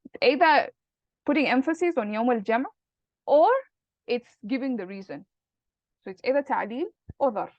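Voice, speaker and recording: A woman with a fairly high voice leads an online grammar lesson, explaining patiently and posing questions to her student. The sound is dry and close, with a dull, lo-fi call quality. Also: expressive, moderate pace, pauses often, dry recording. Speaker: Arabic grammar teacher.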